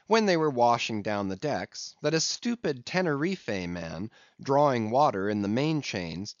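A man narrating a classic novel in an expressive storytelling manner. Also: medium pitch, measured pace, no room sound. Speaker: audiobook narrator. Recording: dull lo-fi audiobook recording.

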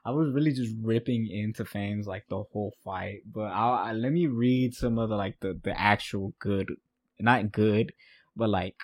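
A man hosts a casual sports podcast and walks through a fight in a loose, rambling way. He repeats phrases and laughs at his own notes. His voice sits a little low, and it is recorded dry, with no room sound. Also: normal speed, no echo. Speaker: podcast host.

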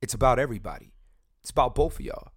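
A man's voice: medium pitch, expressive, racing, husky, dry recording, clean studio sound. A man hosting a casual podcast, brash and profane, rambling and restarting his sentences as he tells stories. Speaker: podcast host.

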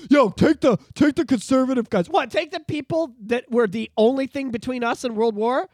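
A man from Canada co-hosting a podcast, ranting profanely about politics, swinging from loud outbursts to low mutters. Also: a little fast, no room sound, clean studio sound. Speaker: podcast co-host. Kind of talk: casual political rant.

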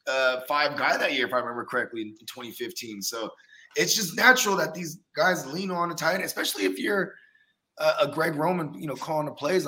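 Male fantasy football co-host, relaxed and profane, bright forward tone, casual banter. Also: on the high side, brisk. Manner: laid-back, profane, says "you know what I mean" a lot. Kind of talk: casual sports chat.

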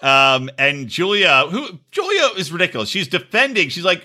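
A man's voice: high voice, very animated, a little fast, hardly any pauses, pushed and bright. A man co-hosting a podcast in casual chat, telling crude stories and acting out the people he quotes. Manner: storytelling, crude jokes, acts out quoted voices. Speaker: podcast co-host.

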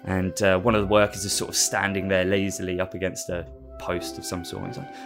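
A man's voice: low-pitched, flat delivery, fairly quick, hardly any pauses, music in the background. A man casually recapping a story as host, rambling with lots of fillers and laughing at himself. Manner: rambling, with many fillers and restarts, and amused.

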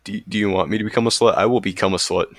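A young man in his early twenties co-hosting a casual podcast, teasing with short deadpan quips. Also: fairly low pitch, very fast, no room sound, studio quality. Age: young adult. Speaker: podcast co-host. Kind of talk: casual chat.

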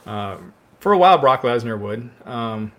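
A man's voice: medium pitch, expressive, measured pace, a bit bright. Easygoing man talking wrestling. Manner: easygoing, agreeable, laughs often. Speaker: podcast co-host. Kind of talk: casual wrestling chat.

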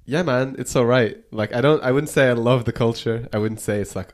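A man's voice: mid-range voice, steady tone, brisk, hardly any pauses. A man in casual podcast chat, rambling with lots of "like" and casual swearing. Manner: casual, fills with "like", swears freely. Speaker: podcast guest.

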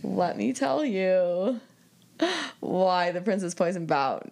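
A woman's voice: fairly low pitch, animated, takes it slowly, vocal fry, a little mellow. A young woman co-hosting a book podcast in casual chat, with a dry, teasing manner. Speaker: podcast co-host.

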